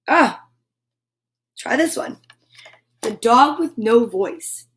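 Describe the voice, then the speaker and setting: Casting: woman host reading picture books to kids live, gentle and unhurried, voice a bit high. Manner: animated, gentle and sweet toward children. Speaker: children's storyteller host.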